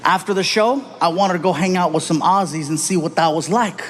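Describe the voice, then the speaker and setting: On a large theater stage before a laughing audience, a stand-up comedian with a high-pitched voice tells stories a little fast, animatedly slipping into voices for the people in them. A little hiss or hum sits under the sound.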